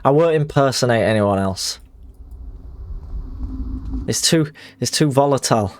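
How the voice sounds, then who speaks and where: A man's voice: mid-range voice, lively intonation, measured pace, darkish tone, a little hiss or hum. A man chatting casually on a live stream, rambling and self-mocking, swearing freely.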